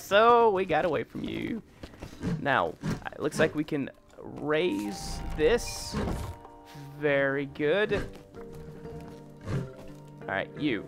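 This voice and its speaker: A man hosting a first-time gameplay video, jumpy and excitable, yelping, laughing and taunting the enemies on screen. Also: a little high, slow pace, long pauses, music in the background. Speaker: gaming channel host.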